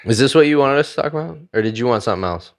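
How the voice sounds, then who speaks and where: A man's voice: mid-range voice, animated, very fast. A man co-hosting a podcast in easy, rambling banter. He swears freely, leans on fillers and breaks into laughter, in a middling voice. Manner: loose, swearing, laughs often, lots of fillers. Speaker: podcast co-host. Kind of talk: casual chat.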